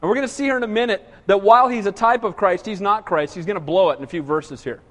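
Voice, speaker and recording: A man with a very high voice preaches a casual, chatty sermon, putting questions to his listeners and slipping into mock whining. His words ring out in a church with a long, lingering reverb. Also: fast, fairly bright tone. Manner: conversational, asks the congregation questions, acts out whiny voices. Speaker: pastor.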